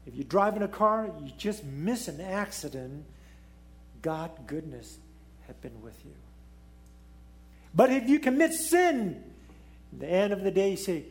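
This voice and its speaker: A man preaching a sermon in non-native English, swinging between raised exclamations and hushed, low pleading. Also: very animated, a little slow, long pauses.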